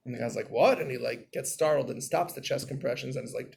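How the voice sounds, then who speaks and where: A man giving a Torah class in a storytelling way, acting out scenes and getting loud and animated. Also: high voice, quick pace, creaky, hardly any pauses, slightly rough.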